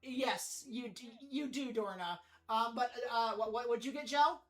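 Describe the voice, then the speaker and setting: A woman's voice: on the high side, measured pace, soft background music, low-quality recording. A woman running a tabletop game as game master, narrating dramatically with frequent restarts.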